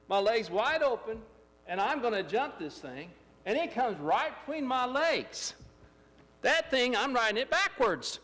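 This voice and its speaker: A man telling a lively testimony story in a church, excitable and laughing as he acts out the scenes. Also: high voice, big-room sound. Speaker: church member giving a testimony. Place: church sanctuary.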